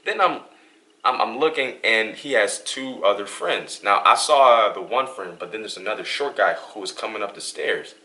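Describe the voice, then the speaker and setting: A young man from Western New York hosts a couple's vlog, telling a story in a casual, animated way. His voice sits very low, with a bright, forward tone. He acts out the lines of the people in his story. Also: normal speed. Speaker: vlog host.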